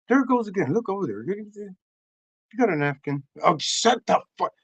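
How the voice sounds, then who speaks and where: A man hosting a crude comedic monologue, animated and loud, often breaking into shouts. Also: sits high, normal speed, no room sound. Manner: animated, crude, bursts into shouts and silly voices. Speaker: comedy host.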